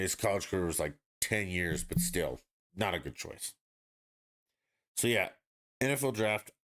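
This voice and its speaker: A man's voice: sits low, fairly bright tone. A man hosting a podcast, ranting bluntly and profanely in casual sports talk. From Denver area, United States. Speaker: podcast host.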